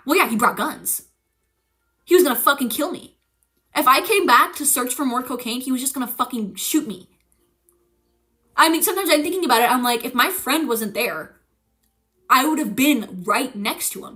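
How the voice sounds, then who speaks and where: A young woman with a bright, forceful voice pitched a little high tells a story in a casual stream chat. She swears freely and acts out the voices of the people in her story. She is animated and jumps between hushed and loud. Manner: animated, profane, acting out quoted voices with laughs.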